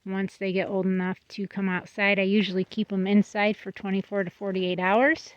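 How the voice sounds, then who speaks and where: A woman's voice: medium pitch, little pitch movement, moderate pace. A woman giving a casual vlog tour of her goat pen, chatting fondly and now and then talking to her goats. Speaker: goat breeder. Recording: slightly dull lo-fi sound.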